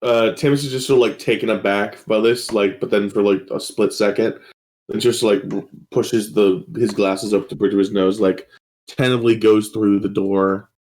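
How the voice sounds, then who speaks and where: A man's voice: on the low side, fairly even intonation, moderate pace, a little mellow. A man playing a tabletop game, describing his character's actions in a loose, rambling way. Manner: loose, rambling with many likes. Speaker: player.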